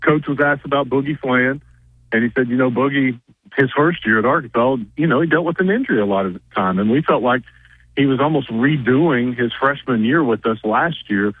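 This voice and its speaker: A man's voice: mid-range voice, brisk, husky, dry recording. A man calling in to a radio show as a reporter, chatting casually and rambling with lots of fillers, often losing his train of thought. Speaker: reporter calling in from media days. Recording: tinny phone line, dry.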